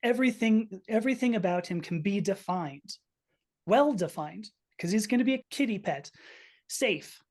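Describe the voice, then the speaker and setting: Her tone darker now and her intonation lively, the same fifties-aged podcast guest keeps sharing her personal story at a normal speed. She speaks with earnest emotion and often starts her sentences over.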